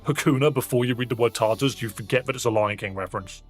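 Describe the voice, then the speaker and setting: A man's voice: mid-range voice, fast talker. Joking male streamer over game music. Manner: joking, laughs at the dialogue. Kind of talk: let's-play commentary.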